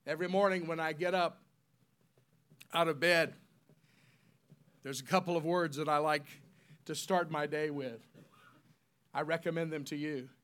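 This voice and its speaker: A man with a high voice preaches a sermon to his congregation. He spells out key words slowly and has the people repeat them back to him. His delivery climbs to loud, emphatic peaks and then sinks to hushed, solemn tones. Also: fairly even intonation, clear, resonant tone.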